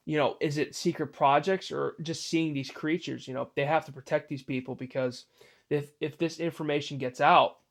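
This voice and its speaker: A man, host of his own channel, telling a creepy story in a loose, rambling way full of fillers and restarts. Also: fairly high pitch. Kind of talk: casual spoken storytelling.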